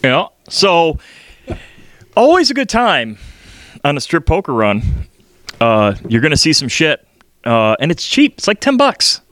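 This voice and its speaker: A man's voice: a little high, wildly swooping pitch, unhurried, long pauses, a bit bright, dry recording. A young man co-hosting a podcast, blunt and crude, swearing constantly in casual chat. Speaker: podcast co-host.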